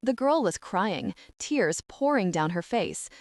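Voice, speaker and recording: A woman narrating a novel as an audiobook reader, in even, expressive storytelling. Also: mid-range voice, takes it slowly, no room sound, clean studio sound. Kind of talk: scripted narration.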